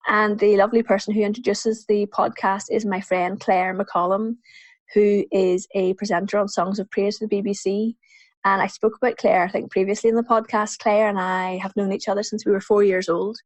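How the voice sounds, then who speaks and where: A woman's voice: medium pitch, dry recording. A woman in her forties with a Northern Irish accent, hosting a solo podcast and answering listener questions in a chatty way with frequent laughs, into a USB desk mic at home. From Northern Ireland. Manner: chatty, warm-hearted, laughs often. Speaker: podcast host. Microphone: USB desk microphone.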